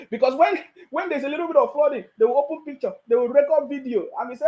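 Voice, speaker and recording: Extremely high-pitched, fast, and darkish in tone, this Nigerian-accented man delivers a scornful political tirade as video commentary, restarting often. The recording quality is low.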